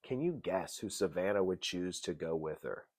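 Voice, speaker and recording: At a normal speed, a man hosting a casual review show talks in a very low voice with big pitch swoops. His jokey, animated commentary jumps from loud outbursts to soft mutters.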